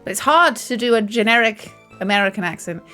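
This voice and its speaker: A woman's voice: medium pitch, animated, fairly quick, pushed and bright, soft background music. A British woman live-streaming a courtroom game, chatty and self-mocking, laughing often. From Britain.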